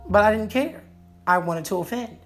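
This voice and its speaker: Brief: a man spinning a funny personal story, playful and animated, with a gravelly edge. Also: high voice, moderate pace, soft background music. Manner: animated, playful, jokey delivery.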